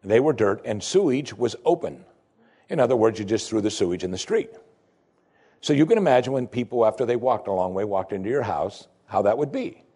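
Male preacher, husky voice, very animated pitch, sermon delivery. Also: brisk. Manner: animated preaching, voice climbing high for emphasis. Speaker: pastor.

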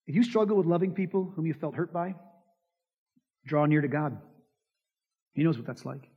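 A man's voice: on the high side, expressive, normal speed, husky. A man preaching a sermon, emphatic, asking the congregation rhetorical questions and acting out quoted lines. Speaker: pastor. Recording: dull lo-fi sound with long hall reverb.

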